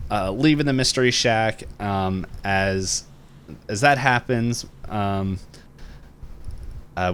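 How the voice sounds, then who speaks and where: Man, podcast co-host, lowish clear voice; meandering episode recap, full of ums, jumps into quick voices for the characters. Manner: rambling retelling with many fillers and quick character quotes. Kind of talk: casual chat.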